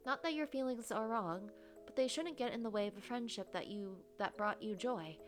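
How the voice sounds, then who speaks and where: A woman voicing a gentle, caring female coworker. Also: on the high side, moderate pace, music in the background, voice pushed up, close to an everyday voice. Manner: soft, careful advice.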